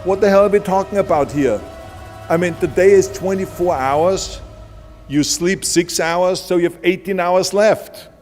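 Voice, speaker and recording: A man's voice: high voice, measured pace, darkish tone. A man with an Austrian accent giving an emphatic, punchy motivational speech, with long hall reverb and music behind. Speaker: motivational speaker.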